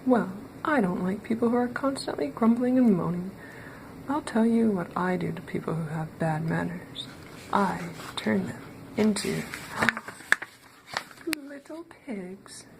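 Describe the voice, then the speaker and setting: Storybook wizard: a woman playing a stern lecturing magician, gravelly, noisy take. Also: mid-range voice, lively intonation, a little slow.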